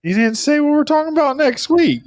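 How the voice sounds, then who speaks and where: A man's voice: very high-pitched, lively intonation, a little fast, darkish tone. A man co-hosting a podcast in casual comedic banter, laid-back and easygoing. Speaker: podcast co-host.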